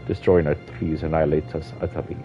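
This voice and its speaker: A man voicing a sad old Argonian woman elder in a put-on Jamaican-style accent, speaking slowly and quietly over dull lo-fi stream audio. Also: rumbling low, little pitch movement, music in the background. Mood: solemn.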